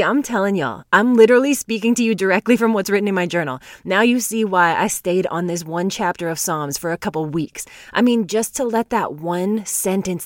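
A woman's voice: on the low side, no echo, clean studio sound. Earnest woman hosting a devotional podcast. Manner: earnest, drawn-out emphasis on single words, laughs often. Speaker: podcast host.

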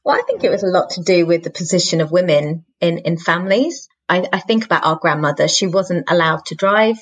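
A woman is the guest on a podcast and tells family stories in a reflective way. Her voice sits a little low, and she laughs often. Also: fairly quick, slightly rough, rough recording. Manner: reflective, warm storytelling with frequent laughter. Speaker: podcast guest, author and singer. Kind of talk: conversational interview.

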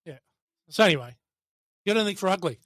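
An Australian man with a notably high voice rants happily about a film as host of a casual review chat. He swears freely and laughs easily. The sound is close and dry. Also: expressive, quick pace, fairly bright tone, no room sound. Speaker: podcast host.

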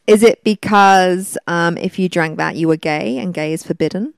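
A woman's voice: on the low side, normal speed, creaky, no echo. A woman on a casual comedy podcast panel, blunt and self-deprecating with her jokes.

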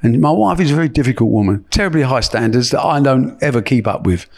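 A man in his seventies, a guest, telling lively colloquial stories and acting out the dialogue. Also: mid-range voice, fast talker, gravelly. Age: 70s. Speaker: guest, sports promoter. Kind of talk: anecdotal storytelling.

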